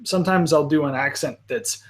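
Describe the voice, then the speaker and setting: A man hosting a live panel in casual chat, rambling with frequent restarts and quick apologetic asides. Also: on the high side. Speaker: panel host.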